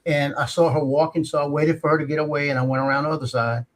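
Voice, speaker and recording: A man's voice: on the high side, flat delivery, fast talker. A man, a guest drone pilot telling a long casual story and repeating himself. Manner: rambling, acts out voices, repeats himself. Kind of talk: casual storytelling on a live stream.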